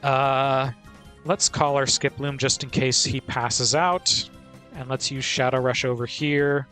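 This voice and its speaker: A man's voice: mid-range voice, fairly even intonation, takes it slowly, pushed and bright, soft background music. A man streaming a video game, chatting casually and playfully and laughing often. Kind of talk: casual gameplay commentary.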